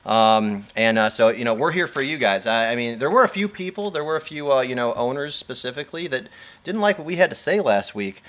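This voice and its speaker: A man's voice: medium pitch, lively intonation, a little fast, fairly bright tone. A man hosting a casual livestream, rambling with many fillers and frequent laughs. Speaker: host.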